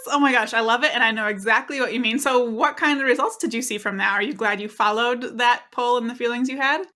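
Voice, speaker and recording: A woman's voice: on the high side, fast, pushed and bright. A woman hosting a podcast interview, enthusiastic and affirming toward her guest. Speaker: podcast host.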